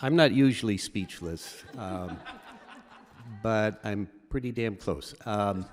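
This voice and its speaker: Middle-aged guy thanking folks for an award, halting, lots of ums, big echoey hall with a crowd murmuring. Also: on the low side, a little hiss or hum. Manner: halting and emotional, many fillers and restarts. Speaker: award recipient. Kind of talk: acceptance speech. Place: large event hall. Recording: reverberant hall with audience.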